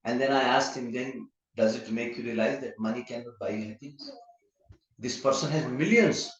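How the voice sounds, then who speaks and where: A man of middle pitch gives an easygoing scripture class, telling everyday stories and slipping Sanskrit terms into his talk. His voice rings through a very echoey temple hall. The recording sounds muffled and dull. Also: moderate pace. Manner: anecdotal, mixes Sanskrit terms into plain talk.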